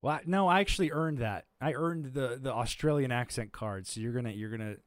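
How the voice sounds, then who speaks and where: A man talking on his stream, rambling and thinking aloud, with the words trailing off and restarting often. His voice sits in a middle pitch. He is close to a desk mic, and the sound is dry. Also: a little fast, dry recording. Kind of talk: casual chat.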